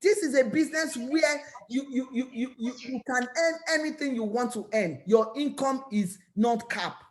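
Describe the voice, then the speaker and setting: High-voiced woman with a Nigerian accent, pitching eagerly. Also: normal speed, few pauses. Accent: Nigerian English. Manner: energetic, repetitive, preachy. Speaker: network marketing business owner. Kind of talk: motivational talk to camera.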